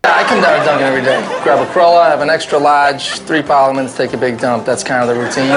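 A man's voice: medium pitch, steady tone, fast, over a noisy crowd, very noisy, close to an everyday voice. An actor playing a crude, cheerful working-class guy in a comedy sketch, with a thick Boston accent. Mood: brash. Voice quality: thick put-on accent, boastful. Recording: sketch clip with loud studio audience laughter.

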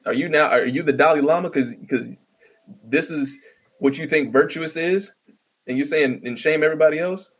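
A man's voice: a little high, moderate pace, breathy edge. A man delivering a profane, exasperated comedic rant with stammering restarts. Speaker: vlogger ranting.

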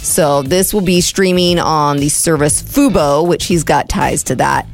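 A woman co-hosting a radio show, chatting casually and reading entertainment news briskly. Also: deep voice, soft background music. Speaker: radio co-host.

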